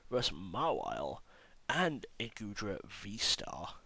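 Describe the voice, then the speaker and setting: Hoarse, sick-sounding man opening card packs. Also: on the low side, wildly swooping pitch, takes it slowly, sharp tone, slight background noise. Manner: chatty, self-mocking, listing cards as he goes. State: hoarse from illness. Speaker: card-opening channel host. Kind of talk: casual pack-opening commentary.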